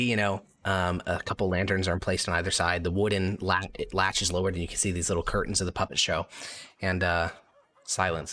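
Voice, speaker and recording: A man's voice: sits low, pushed and bright. A man narrating as dungeon master, meandering with many fillers. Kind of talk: narrating a tabletop game.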